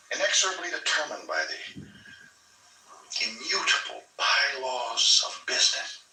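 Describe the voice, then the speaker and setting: An intense corporate big shot preaching, bright edgy voice, echoey and far off. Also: male voice, heavily acted. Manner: intense, preaching, swings from hushed whisper to booming. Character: cold commanding male corporate magnate, middle-aged. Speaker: actor in a film scene.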